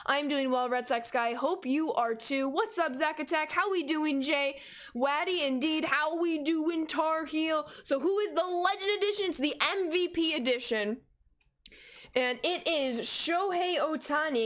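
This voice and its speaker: Young woman, twenties, bright high voice, upbeat gaming streamer reading chat. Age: 20s. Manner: upbeat, greets chat viewers by name. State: out of breath. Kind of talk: casual live-stream chat.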